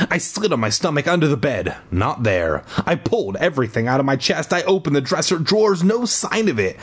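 A man reads a spooky kids' book aloud with a husky voice, swinging his pitch all over the place. He breaks off into rambling, jokey asides full of swearing. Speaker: reader.

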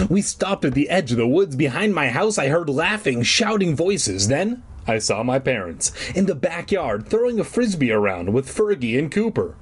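A man reading a children's book aloud and breaking off for crude, deadpan comic asides. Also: a little high, normal speed, hardly any pauses, breathy edge. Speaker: reader. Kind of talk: comedic read-aloud with asides.

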